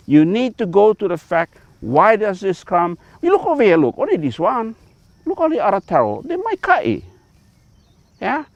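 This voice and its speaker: A man speaking with a Hawaiian Pidgin accent, teaching out on a farm in a folksy, emphatic way. His fairly high voice rises and falls with great animation. The sound is dull and dry. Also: a little mellow, no echo. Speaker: farmer. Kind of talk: outdoor teaching talk. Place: outdoors on a taro farm.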